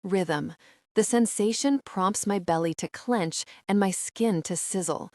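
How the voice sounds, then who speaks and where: A woman's voice: medium pitch, unhurried, warm tone, dry recording, studio quality. A woman reading a first-person romance audiobook in an intimate, emotional way. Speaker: audiobook narrator.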